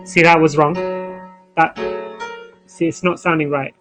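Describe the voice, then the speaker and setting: A man chatting casually as host of a live music stream, relaxed and full of restarts. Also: fairly high pitch, unhurried, poor audio. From United Kingdom.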